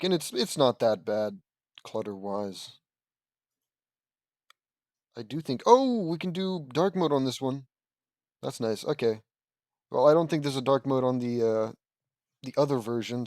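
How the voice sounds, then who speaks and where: A man's voice: mid-range voice, darkish tone, no room sound. A man casually reading a fan story aloud, breaking off into rambling, self-correcting asides. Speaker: audiobook reader and commentator. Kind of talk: casual read-aloud with commentary.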